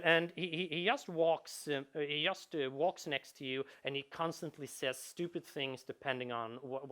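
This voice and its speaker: A man, a game designer, giving a conference talk, animated and full of restarts and repeated words. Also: fairly high pitch, smooth.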